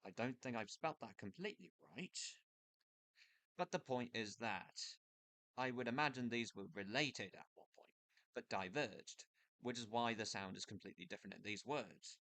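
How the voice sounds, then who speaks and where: A man giving a casual spoken explainer over a screen recording, thinking aloud in a loose, hesitant way with pauses and restarts. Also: medium pitch, lively intonation, bright, forceful tone, no room sound. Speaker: video creator explaining accents. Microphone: computer mic with screen capture.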